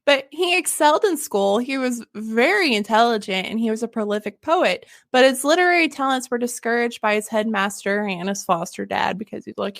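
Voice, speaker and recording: A woman with a high voice hosts a casual history podcast. She tells the story in an animated, joking way, laughing and swearing along. The sound is dry and close. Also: a little fast, few pauses, dry recording. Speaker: podcast host.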